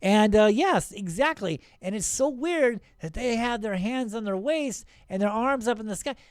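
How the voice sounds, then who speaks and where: A middle-aged man hosting his own channel, talking excitedly and rambling, with many restarts and frequent "right?" checks. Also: high-pitched, moderate pace, no room sound, studio quality. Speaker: channel host. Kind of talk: casual video commentary.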